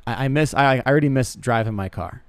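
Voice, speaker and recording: A man's voice: mid-range voice, fast talker, smooth, no room sound. A young man hosting a podcast, telling rambling self-deprecating comic stories with lots of stammered restarts. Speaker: podcast host. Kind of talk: casual comedic monologue.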